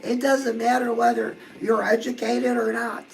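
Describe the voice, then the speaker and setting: A woman hosts a love and dating advice talk in a high, gravelly voice. She chats in a confiding way, as if to a close friend, while faint music plays underneath. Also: flat delivery, unhurried, low-quality recording. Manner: chatty, confiding, addresses listeners as girl. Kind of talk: casual advice talk to viewers.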